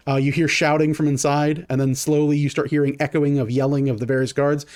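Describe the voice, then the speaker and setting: A man narrating a tabletop game as game master, in a halting way with many fillers and restarts. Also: a little high, flat delivery, darkish tone.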